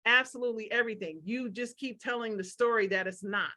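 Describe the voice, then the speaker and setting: Energetic woman giving a motivational webinar. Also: on the high side, fast talker. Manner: energetic and emphatic, acting out quoted remarks in exaggerated voices; repeats key phrases, with frequent "right?" asides. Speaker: webinar presenter.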